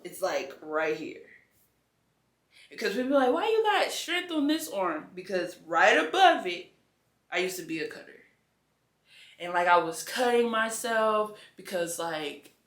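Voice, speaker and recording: Young woman telling her faith testimony, slow and earnest, bright voice, echoey room. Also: medium pitch, sing-song. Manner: earnest, conversational, casual slang. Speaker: interview guest sharing a testimony.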